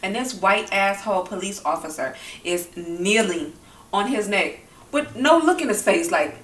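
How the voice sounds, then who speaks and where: A woman's voice: mid-range voice, expressive, a little slow, a bit bright, roomy sound, recorded from a distance. A woman vlogging while she eats, talking bluntly and angrily about the news and swearing often. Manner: blunt, heated and profane. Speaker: mukbang vlogger. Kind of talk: angry opinion talk while eating.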